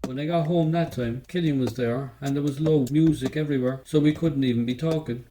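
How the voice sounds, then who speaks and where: A man's voice: a little high, fairly quick, dark tone, slight background noise, rough recording. A man with a Cork Irish accent reading a first-person novel aloud, telling it in the loose, slangy voice of a young narrator. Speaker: audiobook reader.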